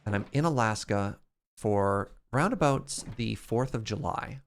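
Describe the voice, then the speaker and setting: Animated man telling stories on stream. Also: lowish voice, unhurried. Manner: animated, chatty, addresses chat. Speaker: game streamer. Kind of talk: casual storytelling while playing.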